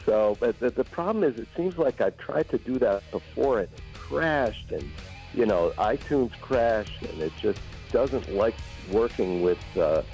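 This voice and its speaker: A man's voice: fairly low pitch, expressive, a little slow, darkish tone, faint music behind, low-quality recording. A man calling in to a radio show with a question, hesitant and searching for his words. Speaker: caller. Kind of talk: phone-in question.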